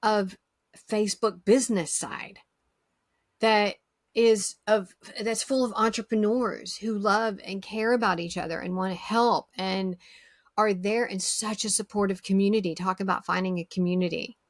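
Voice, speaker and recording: A woman's voice: medium pitch, fairly even intonation, moderate pace, no echo, studio quality. A woman hosting a podcast interview, chatting casually and with enthusiasm, often repeating her words. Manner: enthusiastic, agreeable, repeats herself. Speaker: podcast host.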